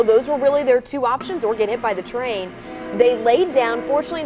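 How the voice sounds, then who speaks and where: Southern female co-anchor, higher voice, lively news reads, faint music under her. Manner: animated storytelling of news clips.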